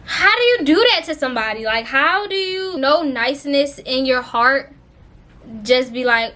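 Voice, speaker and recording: A young woman vlogger telling a story in a casual storytime style, expressive and full of slang and swearing. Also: high voice, takes it slowly.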